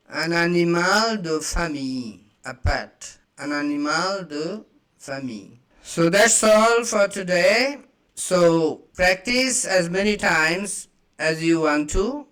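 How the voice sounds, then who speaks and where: Slow, patient man teaching vocabulary. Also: a little high, a bit bright. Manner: repeats each word slowly, then translates it. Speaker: French teacher. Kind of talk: slow beginner language lesson.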